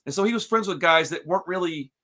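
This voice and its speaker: Talking fast in a high-pitched voice, this male podcast host spins an animated, profane story. He calls everyone "dude" nonstop throughout the casual chat.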